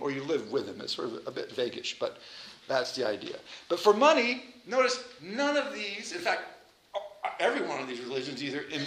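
A man giving an informal lecture in a chatty, animated way, with self-deprecating asides. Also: mid-range voice, roomy sound, a little hiss or hum, poor audio.

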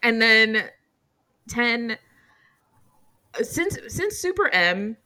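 A woman co-hosting a casual fan chat, talking in an animated, emphatic way. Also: fairly high pitch, drawn-out words. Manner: animated, emphatic, playfully defensive. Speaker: podcast co-host.

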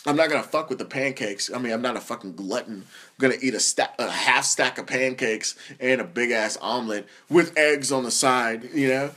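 Profane, animated young man telling stories. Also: mid-range voice, normal speed. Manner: profane, animated, laughs through his stories. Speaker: podcast host. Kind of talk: comedic storytelling monologue.

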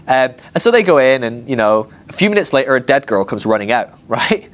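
A man preaching a casual, chatty sermon and acting out the disciples in quick asides. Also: mid-range voice, sing-song, a little hiss or hum.

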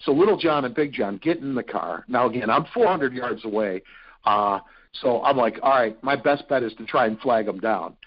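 Ohio guy telling wild stories on a podcast, all worked up, lots of "you know", kinda muffled audio. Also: mid-range voice. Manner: animated, excitable storyteller with frequent fillers. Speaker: radio show guest. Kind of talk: casual storytelling interview.

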